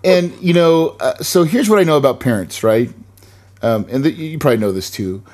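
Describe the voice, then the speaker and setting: A man's voice: on the high side, expressive, normal speed, a little mellow. A man hosting a casual interview podcast, upbeat and enthusiastic, tagging his points with "right?". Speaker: podcast host.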